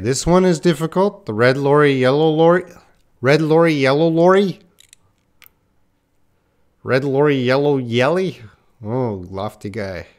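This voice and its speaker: A man giving a casual live-stream lesson, chatting to viewers by name and laughing at his own slips. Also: mid-range voice. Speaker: English teacher.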